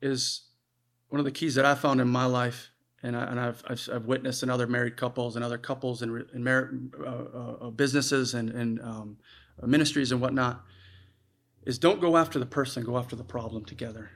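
A man's voice: medium pitch, steady tone, a little fast, fairly bright tone. A man preaching a sermon in an earnest, conversational way, often restarting his sentences.

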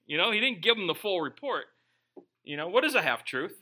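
A male pastor gives a sermon in a bright, piercing, high-set voice. He reads scripture to his congregation and then drops into joking, conversational asides. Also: sing-song, normal speed, pauses often, poor audio. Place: church before a live congregation.

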